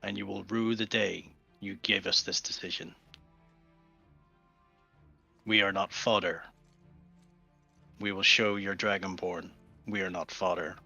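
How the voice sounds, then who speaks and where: A man's voice: low-pitched, flat delivery, moderate pace, gravelly, bright, forceful tone, faint music behind, exaggerated voice. A man playing a defiant adventurer who makes a grave vow of revenge in a tabletop game. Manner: grave, vowing tone. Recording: dull lo-fi mic.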